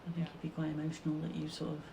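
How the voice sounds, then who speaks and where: A middle-aged British woman, the artist's mother, reminiscing fondly in a relaxed conversation, halting and restarting as she reflects. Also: deep voice, creaky, a crowd in the background. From Britain.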